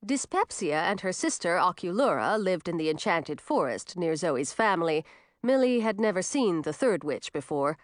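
A woman narrating a storybook in an expressive, animated way. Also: fairly low pitch, moderate pace, no echo, clean studio sound.

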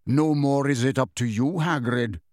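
Man doing a calm stern centaur, smooth and slow, kinda solemn. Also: on the high side, dry recording, studio quality.

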